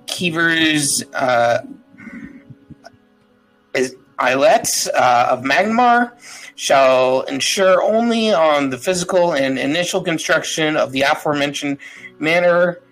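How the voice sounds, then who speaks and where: A man playing a tabletop game, reading a legal deed aloud haltingly and stumbling over words with fillers. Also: a little high, a bit bright, faint music behind, rough recording. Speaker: player.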